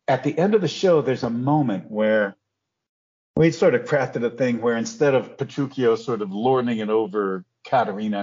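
An older man, a guest actor, telling stories from his career in an animated way and acting out the quotes. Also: medium pitch, breathy edge, muffled recording. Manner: animated storyteller, acts out quotes. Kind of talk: casual storytelling interview.

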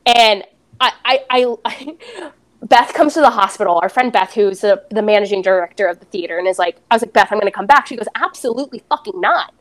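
A woman's voice: medium pitch, fairly quick. A young adult woman, a podcast guest, candidly retelling a personal story and acting out the dialogue.

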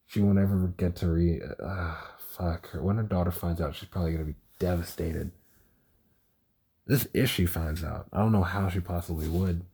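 A man's voice: deep voice, steady tone, moderate pace, mellow, husky. A young man talking casually on his own podcast, tired, stuttering and swearing as he rambles. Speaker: podcast host. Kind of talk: casual solo podcast about a TV show.

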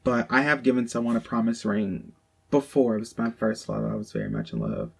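A man's voice: on the low side, animated, a little fast, gravelly, breathy edge. A young man with a Southern accent telling a personal story to his co-host in a frank, profane, casual way, full of "like". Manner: frank, profane, heavy use of "like". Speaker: podcast co-host.

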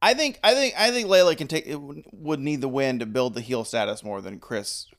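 A man's voice: medium pitch, lively intonation, a little fast, a bit bright. A man co-hosting a podcast in casual chat, joking and rambling as he lists upcoming matches. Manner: joking, rambling, trails off and restarts. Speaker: podcast co-host. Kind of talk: casual chat predicting wrestling results.

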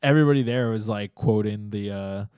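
A man from New York co-hosting a casual podcast, his voice a little low and set close to the microphone in a dry space. He talks in a relaxed, joking way and often trails off mid-sentence. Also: fairly quick, clear, resonant tone, no room sound. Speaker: podcast co-host. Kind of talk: casual chat.

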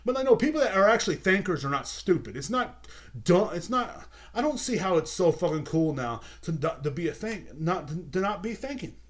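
A man's voice: high-pitched, expressive, brisk. A young man hosting a podcast, ranting heatedly and repeating himself with constant swearing. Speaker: podcast host. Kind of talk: profane rant. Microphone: video podcast mic.

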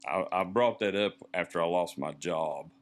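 A man, co-hosting a casual church podcast and talking in a halting, rambling way. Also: sits low. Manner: halting, rambling, searching for words.

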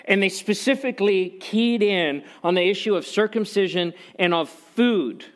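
A man's voice: high voice, moderate pace. A man preaching a sermon in a conversational way, telling personal stories with humor and repeating key phrases for emphasis. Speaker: pastor.

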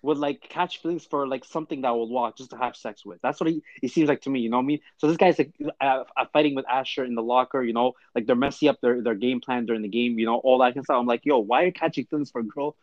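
Man, podcast co-host, animated casual chat, muffled lo-fi sound, dry. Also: medium pitch, fast talker, hardly any pauses, dry recording. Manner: animated, lots of "like" and "I'm like".

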